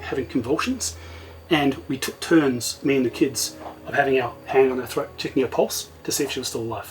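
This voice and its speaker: A man's voice: mid-range voice, low-quality recording. A middle-aged man, a guest recounting events casually and vividly, often acting out what he said at the time. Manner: vivid retelling, often quoting himself. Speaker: interview guest. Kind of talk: casual storytelling.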